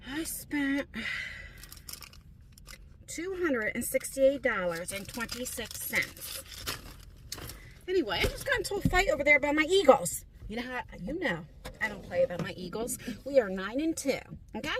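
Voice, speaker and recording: A middle-aged woman talks straight to her phone in a loose, rambling vlog, circling back with lots of fillers. Her pitch sits a little high and swings widely as she confides. A faint hum of background noise sits under her voice. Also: sing-song, normal speed, long pauses. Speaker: vlogger. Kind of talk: casual vlog chat to camera. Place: car, then store aisles.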